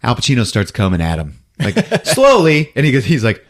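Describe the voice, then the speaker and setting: A man's voice: medium pitch, big pitch swings. A man on a podcast retelling a film scene by scene, laughing often and acting out the characters' lines. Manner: laughs often, acts out movie lines in quick voices. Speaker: podcast co-host recapping a film. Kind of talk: animated casual retelling.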